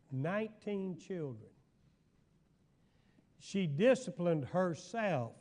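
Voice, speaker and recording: A man's voice: a little high, darkish tone. An older man, a pastor teaching a Bible study in a folksy storytelling way, now and then asking his listeners if they follow. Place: church hall.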